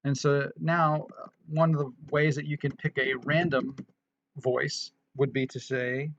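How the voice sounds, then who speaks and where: A man's voice: fairly high pitch, flat delivery, measured pace, a bit bright, dull audio, a little hiss or hum. A man casually walking through a programming tutorial, thinking aloud with frequent restarts and fillers. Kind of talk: casual screen-recorded coding tutorial.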